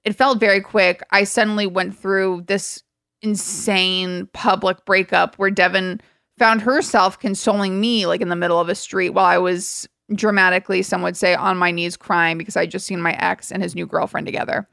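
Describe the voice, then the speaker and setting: A woman's voice: medium pitch, steady tone, normal speed, gravelly, a bit bright, smooth, no room sound, studio quality. Wry young woman on a podcast. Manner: self-deprecating, wry, dramatic storyteller. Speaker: podcast co-host. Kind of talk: casual chat.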